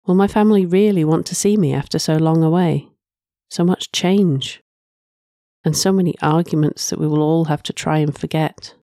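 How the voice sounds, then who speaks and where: Mellow woman narrating a story. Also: sits low, normal speed, no room sound, clean studio sound. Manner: soft, reflective, with frequent sighs. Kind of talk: first-person story narration.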